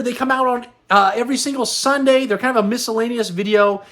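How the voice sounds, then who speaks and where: A middle-aged man talks through his vlog in a loose, rambling way with an upbeat lift. His voice sits high for a man. He sounds tired and a little worn. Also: steady tone, fast talker, fairly bright tone. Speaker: host. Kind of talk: casual vlog chat.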